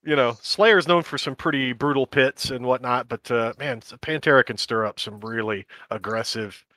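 A man co-hosting a podcast in casual chat, enthusiastic and quick to laugh. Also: mid-range voice, bright, forceful tone, no echo. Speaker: podcast co-host.

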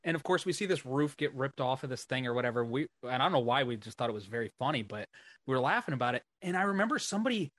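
A man's voice: mid-range voice, animated, very fast, a bit bright, no echo. A man hosting a podcast, chatting loosely, swearing and laughing as he recalls a story. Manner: rambling, swears freely, laughs a lot. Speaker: podcast host. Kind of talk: casual chat.

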